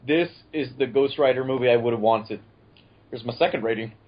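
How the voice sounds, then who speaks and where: A man's voice: mid-range voice, fairly quick, lo-fi sound. A man on a comedy podcast, laughing and teasing the others. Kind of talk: casual comedic banter.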